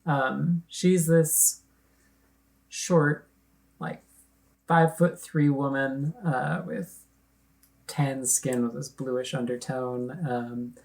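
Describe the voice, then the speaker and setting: A woman player describing her character in a tabletop game, unhurried and full of fillers. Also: rumbling low, steady tone, vocal fry, a little mellow.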